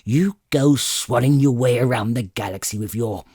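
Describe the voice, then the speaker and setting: A man voicing an ancient, ghostly great-grandfather who snaps out slow, clipped, contemptuous remarks in an audiobook reading. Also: mid-range voice, darkish tone, husky, no room sound, studio quality, voice pushed up. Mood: scornful, stern. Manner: snapping, scornful, slow and clipped. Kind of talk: audiobook character voice.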